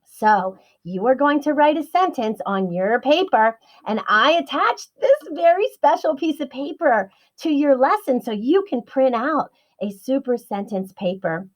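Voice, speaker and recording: A woman teaching a writing lesson to young children, slow and sing-song, stretching her words out and encouraging them. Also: high voice, sing-song.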